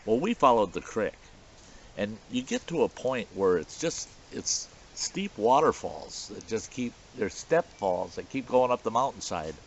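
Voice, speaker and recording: A man's voice: on the low side, unhurried. A man telling a folksy story outdoors at a campfire in the woods, in a dull lo-fi recording. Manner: folksy, animated yarn-spinning. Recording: dull lo-fi recording with faint hiss.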